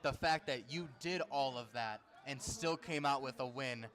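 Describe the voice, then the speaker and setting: A man's voice: medium pitch, moderate pace, a bit bright. Earnest male color commentator. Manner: earnest, emphatic analysis. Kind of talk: live football commentary.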